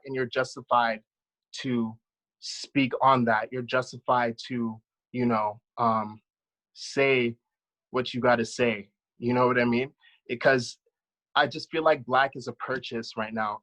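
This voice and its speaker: A male choreographer in his thirties, joining a panel by video call, talks with heartfelt, passionate sincerity. His medium-pitched voice is a bit bright, and the audio quality is poor.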